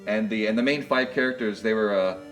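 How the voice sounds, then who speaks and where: A man's voice: fairly low pitch, a little fast, distant mic, soft background music. A young man co-hosting a charity livestream, chatting casually in a rambling, jokey way full of fillers. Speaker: charity stream co-host.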